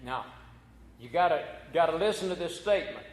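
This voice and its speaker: A man's voice: a little high, lively intonation, a little fast, a little hiss or hum. A man preaching a folksy sermon as pastor, telling a corny joke before turning to scripture. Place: church sanctuary. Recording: echoey church hall.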